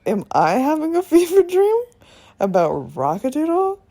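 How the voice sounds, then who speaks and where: A woman in her thirties reviewing a film in a phone voice memo, talking in an excited, rambling way and swearing often. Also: sits high, measured pace, a little hiss or hum. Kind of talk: casual voice memo rant.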